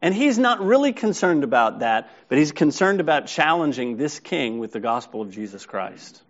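A man delivers a sermon in a slightly high voice, reading scripture and then breaking it down in plain talk with check-ins to the listeners. The recording sounds dull and lo-fi. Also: sing-song, normal speed. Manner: expository, reads scripture then explains it conversationally. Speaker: pastor.

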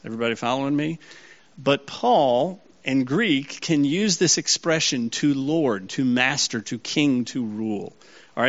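A pastor with a mid-range, slightly bright voice preaches and teaches his congregation, often checking whether his listeners are following along. The recording sounds slightly dull and lo-fi.

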